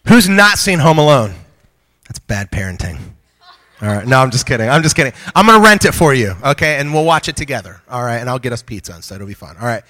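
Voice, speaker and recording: A man's voice: mid-range voice, big pitch swings, quick pace, sharp tone. A man preaching a sermon to a congregation, joking with the listeners and talking in a casual, conversational way. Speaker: pastor.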